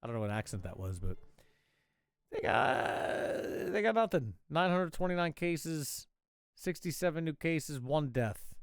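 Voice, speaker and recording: A man's voice: on the high side, sing-song, unhurried, smooth, no echo. Sarcastic, profane man riffing on news. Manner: sarcastic, profane, mocking asides. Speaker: talk show host. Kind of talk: casual comedic news riff.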